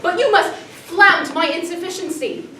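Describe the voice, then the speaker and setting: A woman's voice: very high voice, measured pace, bright, forceful tone, slight background noise, full character voice. A young actress playing a lovesick, wounded young woman, pleading in verse in a school stage performance. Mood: hurt. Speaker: student actor. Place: theatre workshop room. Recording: echoey room, from far off.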